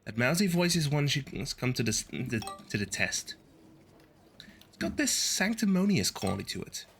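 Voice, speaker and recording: A man's voice: mid-range voice, big pitch swings, normal speed, a bit bright, a little hiss or hum. Wry man reading game text aloud. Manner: wry, sardonic. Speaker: streamer.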